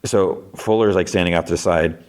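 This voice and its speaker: A man with a low voice recaps a show in a relaxed, chatty way, full of fillers and restarts. When he quotes characters, he jumps up into a raised, put-on voice. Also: brisk. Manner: retells scenes, acting out quotes in a raised voice; loose delivery with frequent fillers. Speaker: podcast host. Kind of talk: casual plot recap.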